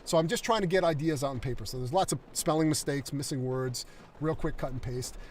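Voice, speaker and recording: A man's voice: a little high, fairly quick, distant mic, a little hiss or hum. A concept artist talking through his draft script on a livestream, enthusiastic and rambling with fillers.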